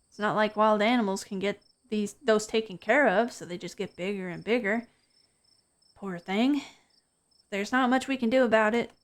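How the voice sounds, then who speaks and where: A woman's voice: fairly high pitch, natural voice. A woman voicing a cheerful young hiker and cryptid hunter who talks in a chatty, reassuring way. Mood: sympathetic.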